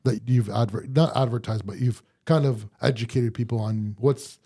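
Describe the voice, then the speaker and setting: Mellow-voiced male interview host. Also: medium pitch, normal speed. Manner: relaxed, conversational questioning. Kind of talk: casual interview.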